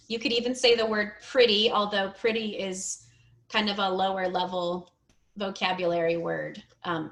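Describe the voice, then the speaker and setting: A woman teaching English on a video call, coaching a student's speaking with encouragement, gentle corrections and frequent laughter. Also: medium pitch. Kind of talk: one-on-one pronunciation and grammar coaching.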